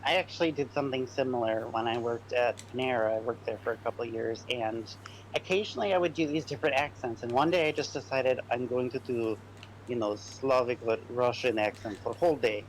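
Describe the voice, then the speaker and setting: A man's voice: mid-range voice, brisk, slight background noise, low-quality recording. A man chatting casually during a game stream, loose and easygoing with plenty of filler words. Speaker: podcast co-host.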